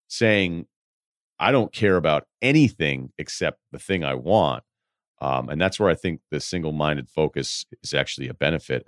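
A man's voice: deep voice, dry recording, clean studio sound. A man hosting a podcast, giving candid, rambling advice in casual chat, swearing now and then and acting out quoted people in his stories. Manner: acts out quoted voices in anecdotes. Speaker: podcast host.

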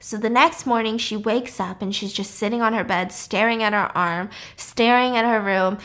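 A woman casually recapping a film's plot in a chatty, animated way, with lots of filler words. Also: medium pitch, moderate pace.

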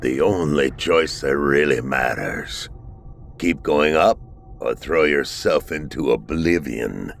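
A man voicing a weathered, cryptic old man who speaks in a slow rural drawl. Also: a bass voice, vocal fry, soft background music, voice pushed down, heavily acted.

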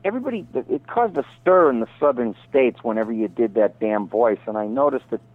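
A middle-aged man, a voice actor guest, telling rambling showbiz stories over the phone and slipping into quick impressions. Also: medium pitch, expressive, no echo. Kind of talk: casual phone interview. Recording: tinny phone line.

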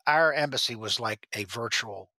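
A man as the podcast guest, telling rambling stories with halting restarts. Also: medium pitch, bright, forceful tone, dry recording. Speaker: guest, former drug agent. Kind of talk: storytelling interview.

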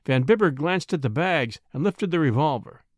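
A man narrating a classic short story in a measured storytelling manner. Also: a little high, lively intonation, dry recording, studio quality. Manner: measured storytelling with voiced dialogue. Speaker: audiobook narrator.

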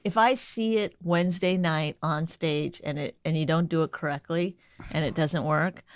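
A woman's voice: sits low, fairly even intonation, moderate pace, no echo. A middle-aged woman comedian bantering casually with dry, blunt teasing. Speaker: stand-up comedian and podcast co-host.

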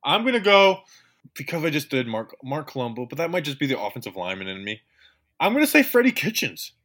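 A man's voice: fairly high pitch, sing-song, fast, fairly bright tone. A man co-hosting a casual sports podcast, joking and blunt with his co-host.

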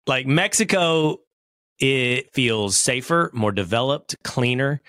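A man hosting a podcast, talking in a relaxed, chatty way and laughing easily. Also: mid-range voice, slow pace, dry recording. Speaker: podcast host. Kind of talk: casual chat.

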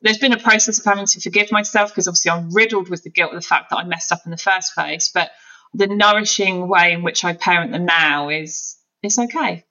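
A woman speaks as a podcast guest, earnest and candid as she talks through her own experience. Her voice has a bright, forward edge. The audio is muffled and lo-fi, as from a remote call. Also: lowish voice, a little fast. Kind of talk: candid conversational storytelling.

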